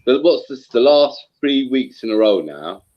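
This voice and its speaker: Speaking a little slowly at a medium pitch, a man in a voice chat gets heated as he chats casually. He curses freely and tells lively, slang-filled stories, all heard through dull, lo-fi online audio.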